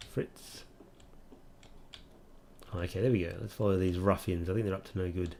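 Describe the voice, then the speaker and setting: A man casually commentating a game he is playing, talking in a wry, relaxed way with plenty of fillers. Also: low-pitched, normal speed, pauses often, a little hiss or hum. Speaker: let's play host.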